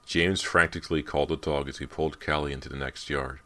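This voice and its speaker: Very deep-voiced male audiobook narrator. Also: steady tone, normal speed, bright, forceful tone. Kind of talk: scripted narration.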